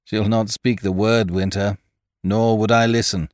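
A man voicing a calm, shrewd male sea captain who bargains in an unhurried, commanding way. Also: fairly low pitch, dry recording, studio quality, voice pushed up, close to an everyday voice.

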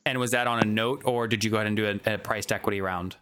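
Male podcast host, fast-talking, bright forceful tone, direct questioner. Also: fairly low pitch, fairly even intonation, clean tone. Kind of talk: interview questions.

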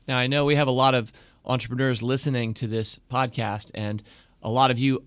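A man's voice: mid-range voice, fairly even intonation, brisk, clear, resonant tone, no echo. A man hosting a podcast, running a playful quiz with guests in a teasing, upbeat way. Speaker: podcast host. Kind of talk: casual podcast chat.

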